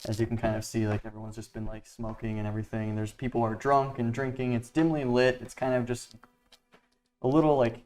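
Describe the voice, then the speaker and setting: A man's voice: medium pitch, little pitch movement, brisk, darkish tone. A man running a tabletop game as game master, describing scenes casually with lots of fillers. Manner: rambling, full of likes and ums.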